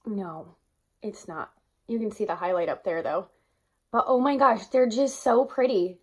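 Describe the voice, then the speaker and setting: A woman's voice: mid-range voice, a little slow, breathy edge. Gushing woman reviewing makeup favorites. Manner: gushing, enthusiastic, exclaims often. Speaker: beauty vlogger. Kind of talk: casual product review.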